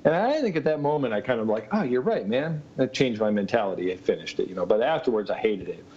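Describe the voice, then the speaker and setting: A man's voice: lowish voice, expressive, fast talker, a little mellow, husky. A man tells a long personal story in an easy, rambling way. He laughs often and fills his talk with ums and you-knows. The recording sounds muffled and lo-fi. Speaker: interview guest. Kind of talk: casual storytelling.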